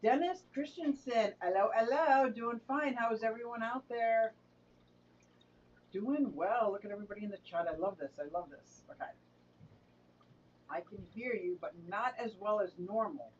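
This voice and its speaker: A woman's voice: on the high side, moderate pace, a little mellow, a little hiss or hum. A woman hosting a casual live stream, greeting viewers by name and chatting with them. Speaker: live-stream host of an aquarium channel. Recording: dull, distant mic.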